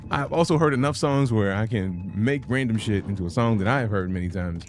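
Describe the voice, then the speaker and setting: A man's voice: lowish voice, expressive, normal speed. A young adult man streaming a game live, chatting casually, with profane, joking commentary and sudden sing-song bursts. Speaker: gaming streamer.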